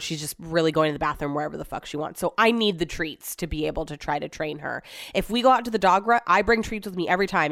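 A woman's voice: mid-range voice, a bit bright, no room sound. Chatty woman with a dry close sound. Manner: rambling, chatty, swears freely. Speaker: podcast host. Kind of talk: casual solo chat. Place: at home.

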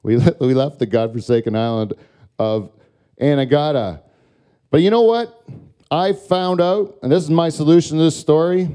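A man's voice: on the high side, normal speed, warm tone, clean tone. A man hosting a comedy show, telling a story in a profane, ranting monologue with frequent filler words.

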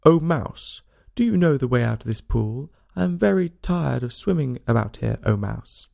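A man's voice: mid-range voice, lively intonation, moderate pace, vocal fry, dark tone. A man voicing a polite, curious young girl who chatters eagerly and earnestly in a storybook reading. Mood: wondering.

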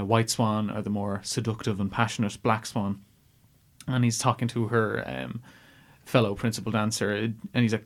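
Rambling man chatting about films. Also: lowish voice. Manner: rambling, many fillers and restarts. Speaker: podcast co-host. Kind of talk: casual film-review chat.

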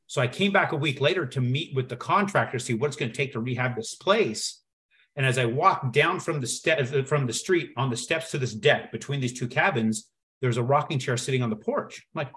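A man telling a personal story as a podcast guest, acting out the dialogue with lively shifts in his voice. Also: mid-range voice. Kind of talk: storytelling in conversation.

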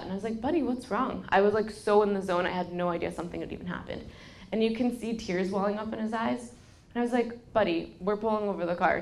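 A woman in her thirties hosting a podcast, giving casual parenting advice and telling personal stories, quoting people in a lively way. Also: mid-range voice. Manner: candid storytelling, quotes people in a lively way. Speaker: podcast host.

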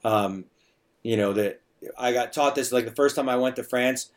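A man's voice: mid-range voice, normal speed. A middle-aged man in a casual podcast conversation, talking about his bar in a chatty, storytelling way, full of restarts and fillers. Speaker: bar owner and bartender guest.

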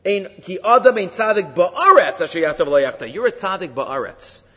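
A man teaching a Torah class as a rabbi, telling stories and explaining texts in a lively way. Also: sits high, moderate pace, slightly rough. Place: classroom with handouts. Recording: dull lo-fi recording in a reverberant hall.

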